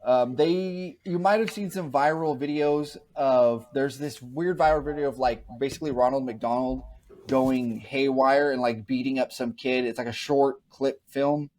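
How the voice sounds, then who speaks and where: A man's voice: mid-range voice, normal speed, a little mellow. Man, podcast co-host, casual chat, rambling, restarts his sentences. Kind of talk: casual movie review chat.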